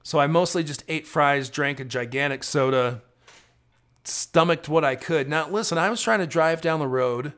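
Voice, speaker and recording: A man's voice: a little high, moderate pace, a bit bright. A tired man chatting and rambling casually into his phone while driving his car at night. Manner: chatty, rambling, self-deprecating. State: tired, drowsy. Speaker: travel vlogger.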